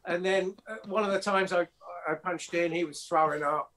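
A man's voice: sits high, normal speed, bright, forceful tone. A man, a record producer, telling studio anecdotes in a casual interview, with loose fillers and restarts. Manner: anecdotal, acts out quotes, many fillers and restarts.

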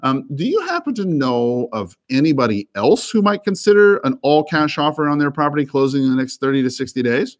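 Man, real estate broker, coaching tone, fast, repetitive phrasing, frequent laughs. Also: fairly high pitch, animated. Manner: fast, repeats words, laughs often. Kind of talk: coaching talk with live cold calls.

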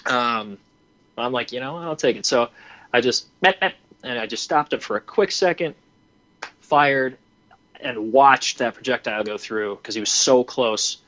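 A man in his twenties telling a hunting story in a casual way, animated and full of fillers. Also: medium pitch, unhurried, dry recording. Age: 20s. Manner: animated, acts out his own reactions, many fillers. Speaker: hunting program founder and podcast guest. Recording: dry, slightly dull lo-fi audio.

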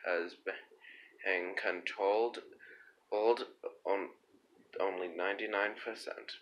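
A man's voice: deep voice, steady tone, takes it slowly, pauses often, fairly bright tone, low-quality recording. A man presenting a home-made trailer for his own channel, rambling and restarting his sentences with a jokey manner.

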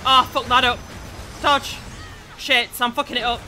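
A man giving live gameplay commentary as a let's play gamer, sweary and excitable, yelling at the game. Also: extremely high pitch, normal speed, noisy background.

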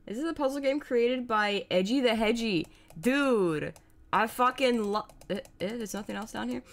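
A woman's voice: fairly high pitch, normal speed. A young woman streaming a puzzle game, chatting casually with lots of swearing, giggles and playful sound-effect exclamations. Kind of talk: casual live gameplay commentary.

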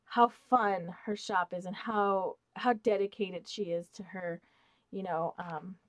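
An excited woman talks close to a dry, deadened mic while she goes through craft supplies. She keeps saying how much she loves each piece, and her voice often drops to a soft, breathy hush. Her pitch sits in an ordinary middle range. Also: takes it slowly, no room sound. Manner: gushing, excited, repeats "oh my gosh". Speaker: craft channel host. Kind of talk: unboxing haul vlog. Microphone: close mic, off camera.

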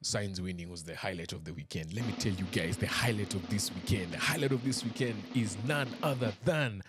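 A man's voice: fairly low pitch, fairly quick, few pauses, over music. A man hosting a podcast in a casual, chatty and self-deprecating way, joking with his listeners over a desk mic. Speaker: podcast host. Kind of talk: casual chat.

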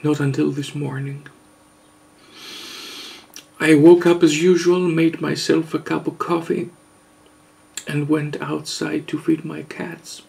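A man vlogger giving a mock-serious confession, halting and hesitant, earnest and overwrought. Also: a little high, little pitch movement, vocal fry, a little mellow. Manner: halting, hesitant, with long pauses.

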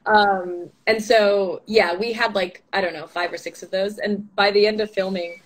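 A young actress chatting as an interview guest, talking freely with lots of "like" and "um" and breaking into laughs. Her voice sits at an ordinary middle pitch for a woman. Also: steady tone, normal speed. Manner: chatty, laughs often, many fillers. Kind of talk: casual interview chat.

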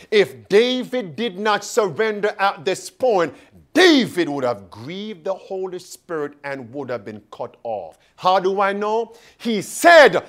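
A man's voice: sits high, fairly bright tone. A man preaching a sermon, calling out questions to the congregation and stretching words for emphasis. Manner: calls and questions to the congregation, drawn-out emphatic phrases.

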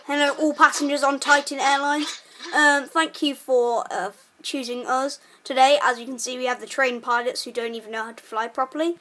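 A woman's voice: high-pitched, steady tone, normal speed, pushed and bright, a little hiss or hum. A woman putting on a mock airline cabin announcement, polite but hesitant and stumbling over the formal phrasing.

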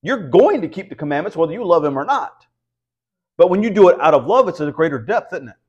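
A man's voice: on the high side, very animated, quick pace, husky, muffled recording. A man teaching the Bible at a house church, preaching conversationally and often asking rhetorical questions. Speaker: pastor.

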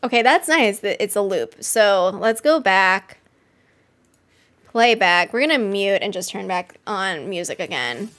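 A woman hosting a live stream, reacting excitedly to a game trailer, gushing and laughing often. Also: mid-range voice, a little slow. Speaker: host.

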